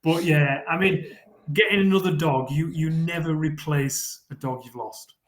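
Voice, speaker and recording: A man's voice: a little high, moderate pace. A man, a guest in a casual interview, who speaks earnestly and rambles, often repeating words as he thinks. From England. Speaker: guest, fell runner. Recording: roomy echo.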